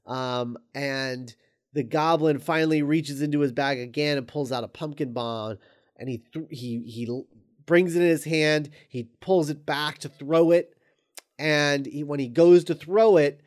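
A man's voice: a little high, a little slow. Rambling man retelling a story. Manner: rambling, hesitant, full of ums and restarts; amused, chuckles while recounting. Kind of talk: casual retelling of a screenplay.

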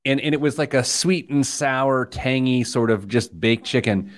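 A man's voice: medium pitch, moderate pace. Guy hosting a money podcast, hyped on caffeine, rambly and jokey, mid voice. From Indiana. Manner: jokey, rambling, laughs at own stories. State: wired on caffeine. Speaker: podcast host, financial planner. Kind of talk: casual banter on a money show.

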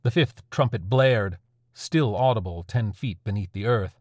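A man narrating a dark horror story in a measured, grim way. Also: lowish voice, dry recording, studio quality.

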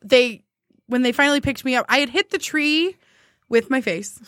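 A woman telling a story in a casual comedy chat, animated and laughing often, acting out quotes in a shrill yell. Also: normal speed, dry recording, clean studio sound.

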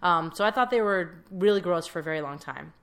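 A woman's voice: lowish voice, expressive, a little fast, a bit bright, smooth. A young adult woman co-hosting a podcast, chatting casually and telling stories with lots of filler words. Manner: chatty storyteller, frequent "like" fillers. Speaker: podcast co-host. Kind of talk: casual chat.

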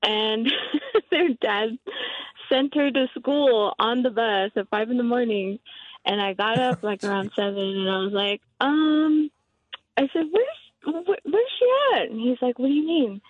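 A woman calls in to a show and tells her story with lots of giggles. Her voice sits high. The sound is dry and tinny over the phone line. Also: moderate pace, no echo. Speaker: caller. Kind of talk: casual chat on a call-in show. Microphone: telephone.

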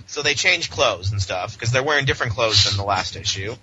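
A man's voice: lowish voice, a little fast. A man co-hosting a podcast, ranting sarcastically and mockingly in a casual comic book discussion. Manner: sarcastic, mocking, animated rants. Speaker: podcast co-host. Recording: dull lo-fi with faint hiss.

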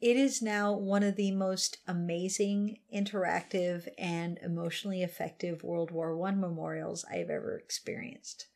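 A woman's voice: on the low side, normal speed, gravelly, hardly any pauses. A woman co-hosting a podcast, telling stories in a loose, laughing way while a bit tipsy. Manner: animated, laughing storyteller. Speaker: podcast co-host. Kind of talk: casual chat.

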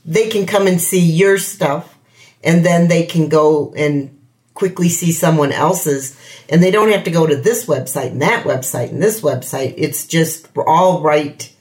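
Easygoing host, casual interview talk, mid-pitched voice. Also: unhurried, a little mellow. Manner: easygoing, conversational.

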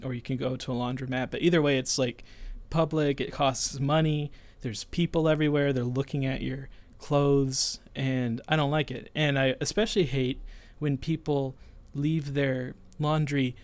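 A man in his twenties casually telling a personal story, animated and acting out the people in it. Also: medium pitch, normal speed, hardly any pauses. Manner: animated, voices others in retelling. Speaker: storyteller guest.

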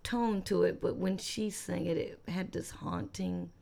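A woman hosting a podcast in casual chat, enthusiastic and full of quick restarts. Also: on the low side, fairly even intonation, gravelly, warm tone. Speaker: podcast host.

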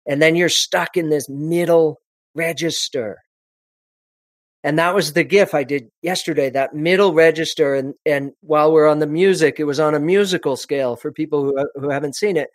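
Guy coaching on presenting, slightly high voice, super expressive, keeps restarting sentences, dry close sound. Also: normal speed, no room sound. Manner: expressive, animated storyteller with frequent restarts. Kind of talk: conversational podcast interview.

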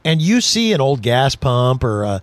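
A man hosting a talk show, telling stories in a casual, animated way, laughing often and acting out voices. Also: medium pitch, moderate pace, dry recording. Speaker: radio show host. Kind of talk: casual chat.

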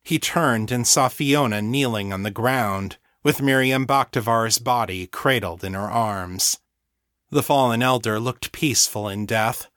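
A man reading his own fantasy novel as an audiobook, in a steady, measured storytelling voice. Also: lowish voice, no room sound, studio quality. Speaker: author and audiobook narrator. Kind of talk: scripted audiobook narration.

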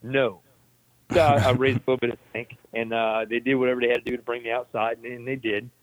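A man's voice: mid-range voice, little pitch movement, very fast, no echo. An army veteran telling a story in a laid-back, profane way, laughing as he goes. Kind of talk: casual storytelling. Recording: tinny phone-like line.

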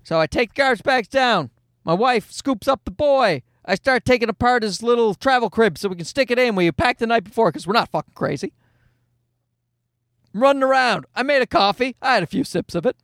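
A man's voice: very high-pitched, animated, fairly quick, a bit bright, dry recording, clean studio sound. A man in his thirties hosting a casual solo podcast, telling a story in a profane, self-mocking way. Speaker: podcast host.

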